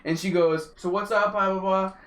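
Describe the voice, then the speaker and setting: A young man telling a casual story on his vlog, animated and slangy. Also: high voice, moderate pace. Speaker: vlogger. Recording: echoey room.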